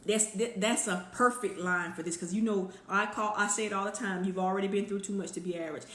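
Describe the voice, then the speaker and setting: Woman, mid-pitched voice, lively motivational live-stream host talking to her viewers, in an echoey room. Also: fast talker. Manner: energetic and conversational, speaks straight to viewers. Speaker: motivational speaker hosting a weekly live stream.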